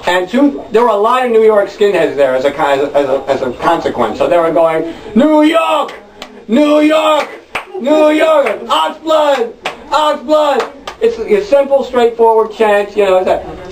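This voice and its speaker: A man performing a rambling, wry storytelling monologue on stage, breaking into loud shouted chants. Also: on the high side. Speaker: spoken word performer. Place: club stage with audience. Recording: echoey room from a distant mic.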